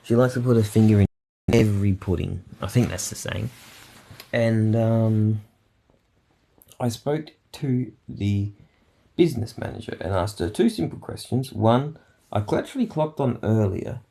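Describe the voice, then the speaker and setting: Gravelly man telling work stories. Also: lowish voice, measured pace, warm tone. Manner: rambling, swears, acts out coworkers' quotes. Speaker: vlogger recounting his workday. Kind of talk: casual storytelling vlog.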